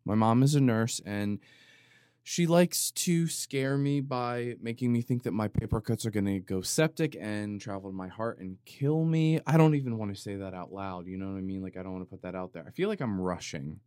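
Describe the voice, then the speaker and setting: The voice is on the low side, darkish, clear and resonant, moving at a normal speed in a dry, clean studio recording made on a compressed studio microphone. He's a podcast host riffing in a casual comedic monologue, rambling, self-interrupting, and building jokes with exaggerated mock drama.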